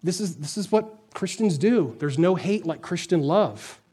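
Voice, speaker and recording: High-voiced man preaching a sermon. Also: animated, measured pace, mellow, husky. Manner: conversational, emphatic, asks the congregation questions. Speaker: pastor.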